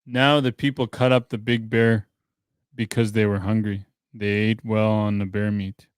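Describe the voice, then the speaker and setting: A man hosting a podcast, reading a translated traditional story aloud in a plain, steady way, with dry offhand asides. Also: fairly low pitch, a little slow, clean tone, no echo. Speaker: podcast host.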